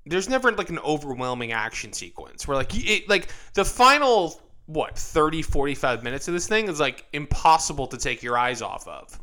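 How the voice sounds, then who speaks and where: A man's voice: a little high, sing-song, moderate pace, hardly any pauses, bright, forceful tone. A man co-hosting a podcast, chatting casually with sarcastic jokes. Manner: sarcastic, joking. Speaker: podcast co-host. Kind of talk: casual chat.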